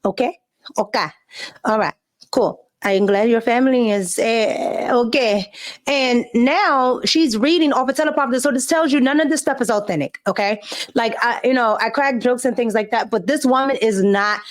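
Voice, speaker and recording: A woman host giving sassy, emphatic opinion commentary in casual slang; her family is Cuban. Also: fairly high pitch.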